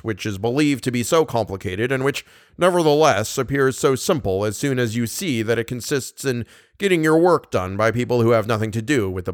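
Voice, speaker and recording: Man reading smug middle-aged police officer, brisk questioning, mid pitch, dry sound. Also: no echo, natural voice. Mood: lecturing. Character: self-satisfied middle-aged male police commissary.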